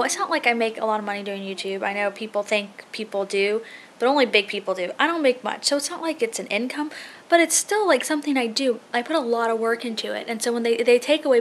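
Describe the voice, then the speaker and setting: Chatty young mom vlogging at home. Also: female voice, fairly high pitch, fast, a little hiss or hum. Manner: chatty, animated storytelling with quoted voices. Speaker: family vlogger. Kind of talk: casual vlog chat. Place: house being painted, indoors.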